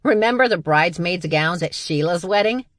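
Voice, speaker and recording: A woman's voice: fairly low pitch, expressive, moderate pace, no room sound, clean studio sound, close to an everyday voice. Woman doing a barking, bossy badger sister. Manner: barking, blunt.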